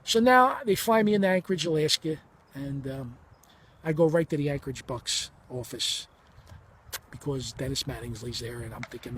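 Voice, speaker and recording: A man's voice: medium pitch, moderate pace, a bit bright, slight background noise. A man in his fifties telling a personal story in a heated, blunt and profane way, acting out the dialogue as he goes. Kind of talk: emotional first-person storytelling.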